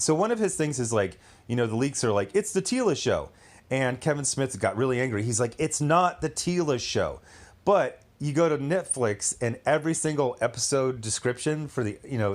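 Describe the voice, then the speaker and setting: A man gives an opinionated commentary in a blunt, sarcastic way. His pitch rises and falls a lot, and it jumps high whenever he mocks what other people say. His pitch otherwise sits in an ordinary middle range for a man. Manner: blunt, sarcastic, acts out quoted voices. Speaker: video commentator.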